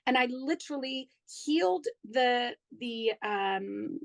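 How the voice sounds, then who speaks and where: A woman with a fairly high voice tells her own story as a podcast guest. She talks in a chatty, enthusiastic way and often says "like" and "you know". Her voice sounds dry and close, with little room sound. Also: animated, slow pace, creaky, no echo, poor audio. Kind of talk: personal storytelling in conversation.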